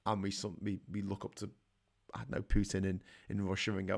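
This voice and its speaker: Hosting a live call-in chat show, this middle-aged Liverpool man reads out viewer comments in his Scouse accent and responds with blunt, sweary, opinionated rants that grow more heated. He talks a little fast, his fairly low, creaky voice staying level.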